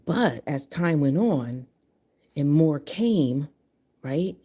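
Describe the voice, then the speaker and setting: A woman's voice: deep voice, expressive, extremely slow, warm tone, slightly rough. A woman in her fifties from Connecticut, talking bluntly and profanely in a casual monologue to camera. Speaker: vlogger.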